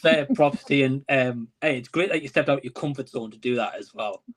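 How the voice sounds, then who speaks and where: A man's voice: medium pitch, fairly quick. A man appearing as a guest on a live movie-review stream, talking in an easygoing, enthusiastic way with plenty of fillers. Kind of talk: casual conversation.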